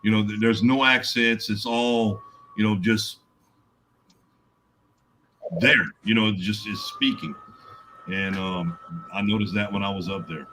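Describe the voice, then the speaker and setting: Chatty guy on a live stream, bright sharp voice, faint room noise behind. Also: lowish voice, fairly even intonation, unhurried, long pauses, low-quality recording. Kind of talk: casual live-stream chat.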